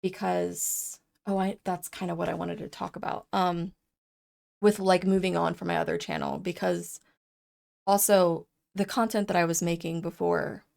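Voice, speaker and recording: A woman's voice: lowish voice, flat delivery, moderate pace, creaky, a little mellow. A young woman talking in an unedited personal vlog, rambling with lots of fillers and growing tearful as she speaks. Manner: rambling, filler-heavy, openly emotional. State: tearful, crying. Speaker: vlogger.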